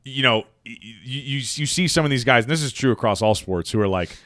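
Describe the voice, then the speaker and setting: Sports podcast cohost guy, mid pitch, laughs a bunch, swears a lot, dry close sound. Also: expressive, quick pace, fairly bright tone, dry recording. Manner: laughs often, swears freely. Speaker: podcast co-host. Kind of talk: casual sports chat.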